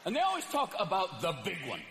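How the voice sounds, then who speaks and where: A man's voice: high-pitched, wildly swooping pitch, fast. Manic, profane stand-up comic man. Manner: manic, profane, jumps into voices. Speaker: stand-up comedian. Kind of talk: stand-up comedy routine. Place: comedy stage before a live audience. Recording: live show with crowd laughter and noise.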